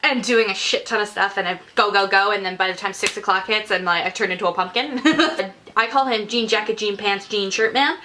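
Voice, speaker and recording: A woman's voice: mid-range voice, a little fast, few pauses, sharp tone, slight background noise. A woman co-hosting a casual chat, telling stories in a wry, joking way. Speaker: podcast co-host.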